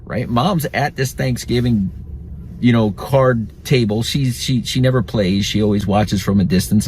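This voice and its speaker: Low-voiced man telling family stories. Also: darkish tone, slight background noise. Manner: chatty, reflective, laughs at his own stories. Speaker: podcast host. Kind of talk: solo storytelling podcast.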